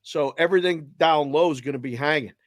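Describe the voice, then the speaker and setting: Speaking a little fast in a voice on the high side, a middle-aged man with a Boston accent who hosts a sports betting show animatedly shares a heartfelt family story with quoted voices. It's casual storytelling in clean studio sound with no room sound.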